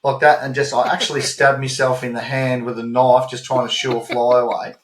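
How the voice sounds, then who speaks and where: A man with an Australian accent co-hosting a podcast, telling animated travel stories in casual chat and swearing freely. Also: medium pitch, a little fast, noisy background. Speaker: podcast co-host. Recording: roomy echo.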